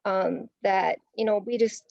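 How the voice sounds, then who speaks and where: A woman asking a question at a conference over a video call, explaining her point in a measured way. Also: mid-range voice, creaky, dry recording. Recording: dull, muffled video-call audio.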